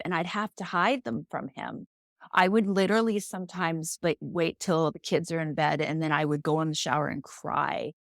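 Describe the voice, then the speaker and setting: A woman speaks in a notably low, deep voice, recounting her story as a podcast guest. She talks earnestly and from the heart, often restarting her sentences. The sound is close and dry. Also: no room sound. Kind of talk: casual personal storytelling.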